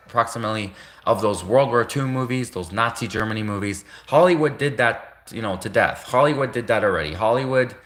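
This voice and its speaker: Guy rambling on a livestream, loops back and repeats himself a lot, bright edgy tone. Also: mid-range voice. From Canada. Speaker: livestream host. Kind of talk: rambling casual monologue.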